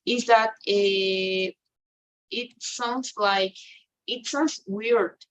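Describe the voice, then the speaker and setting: Spanish-native woman English teacher, mid-pitched, patient step-by-step explaining, keeps asking "right?". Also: steady tone, extremely slow, a bit bright, rough recording. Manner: explains patiently, tags "right?" after nearly every phrase. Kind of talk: online grammar lesson.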